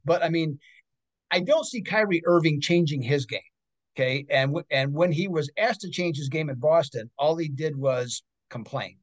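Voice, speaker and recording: A man's voice: fairly high pitch, moderate pace, no room sound. A man co-hosting a sports betting podcast, talking casually and emphatically, often ending points with "okay?".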